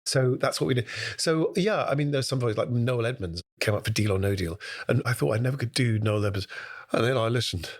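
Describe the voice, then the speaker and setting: A British man, a guest impressionist, telling stories in a brisk conversational interview and breaking into voices. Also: medium pitch.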